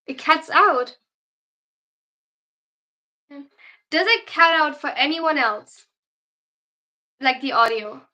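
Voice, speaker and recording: With very slow speech and long pauses, a young German woman's high, animated, bright, and forceful voice fills her casual livestream. Tired but chatty, she reads viewer questions aloud and answers them in German-accented, non-native English.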